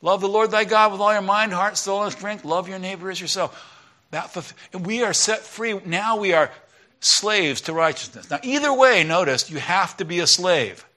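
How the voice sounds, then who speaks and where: A middle-aged male pastor giving a conversational sermon, swinging between loud emphatic lines and quiet asides. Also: sits high, normal speed.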